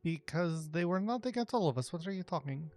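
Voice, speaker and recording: A woman playing a tabletop game, talking casually and defending herself with halting restarts. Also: lowish voice, expressive, darkish tone, no echo, faint music behind.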